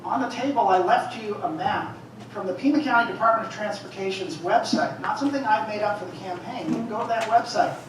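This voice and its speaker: A man running for office, giving a forceful, pointed forum answer that builds to firm declarations. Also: high-pitched, brisk, noisy background. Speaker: political candidate. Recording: echoey hall, voice from far off.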